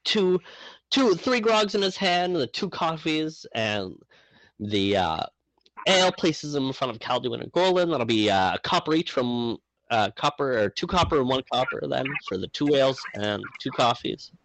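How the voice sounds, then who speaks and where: Lively man narrating a tabletop game. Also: medium pitch, moderate pace, a little hiss or hum, low-quality recording. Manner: rambling, filler-heavy narration. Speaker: game master.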